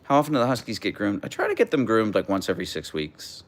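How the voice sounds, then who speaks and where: A young man hosting a casual livestream, chatting and reading out viewer comments in a relaxed way. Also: fairly low pitch, fast. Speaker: livestream host reading chat. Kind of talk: casual live chat.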